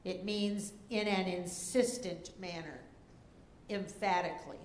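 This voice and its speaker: A woman serving as a spelling bee pronouncer, reading words and definitions deliberately, spelling letters out slowly, and giving stage directions to contestants. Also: fairly high pitch. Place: school auditorium. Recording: echoey auditorium with faint noise.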